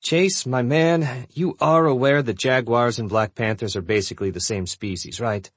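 A man's voice: mid-range voice, moderate pace, husky, dry recording, voice pushed up, natural voice. A man voicing an easygoing, wry young male shifter student in an audiobook.

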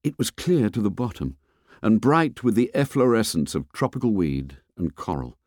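A male audiobook narrator reads a novel aloud from a script, telling the story expressively. His voice is on the low side and moderately paced, captured in clean studio sound with no room echo.

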